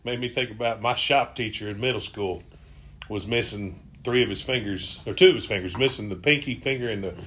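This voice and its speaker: A man, a podcast host telling a relaxed anecdote and laughing easily. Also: on the low side, fairly quick. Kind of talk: casual chat.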